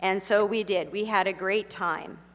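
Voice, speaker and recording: Middle-aged woman, earnest storyteller, gentle delivery, big reverberant hall. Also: mid-range voice, steady tone, measured pace. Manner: gentle, earnest, with frequent fillers. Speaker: speaker sharing a personal story. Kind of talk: heartfelt storytelling talk.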